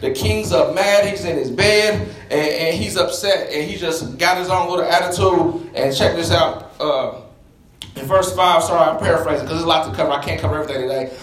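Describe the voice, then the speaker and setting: High-voiced preacher in an echoey church. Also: male voice, fairly quick. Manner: animated, folksy, talks straight to the congregation. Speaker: pastor. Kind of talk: sermon.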